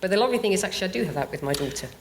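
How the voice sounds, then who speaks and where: A lowish, thoughtful woman speaking as a playwright guest on a live podcast stage. She explains calmly, with faint noise behind her. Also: rapid-fire.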